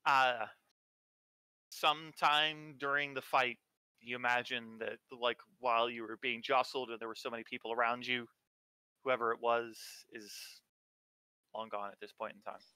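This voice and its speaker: A man's voice: medium pitch, flat delivery, moderate pace, pushed and bright, clean tone, dry recording, poor audio. A man acting as game master, casually narrating a tabletop game with frequent filler words.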